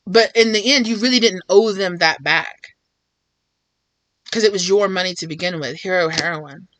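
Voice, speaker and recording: A woman's voice: on the low side, normal speed, fairly bright tone, dry recording. A woman giving a casual tarot reading to her viewers, rambling with lots of fillers and acting out imagined conversations. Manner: rambling, filler-heavy, acts out imagined dialogue. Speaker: tarot reader.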